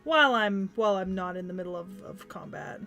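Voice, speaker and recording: A woman's voice: mid-range voice, expressive, fairly quick, bright, forceful tone, soft background music. A woman chatting casually while playing a mobile game, exasperated and swearing now and then. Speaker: game streamer. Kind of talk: casual gaming chat.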